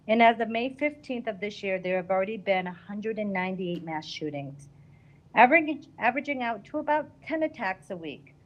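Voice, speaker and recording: A woman's voice: medium pitch, lo-fi sound. A woman, giving a prepared public comment at a city council meeting and reading her statement earnestly.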